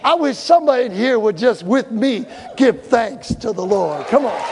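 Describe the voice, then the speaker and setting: A male pastor preaching a sermon in a church, telling funny stories and breaking into shouted exhortations. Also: extremely high pitch, normal speed, hardly any pauses, big-room sound, a loud crowd, heavy background noise. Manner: animated, humorous storytelling with shouted exhortations. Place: church sanctuary.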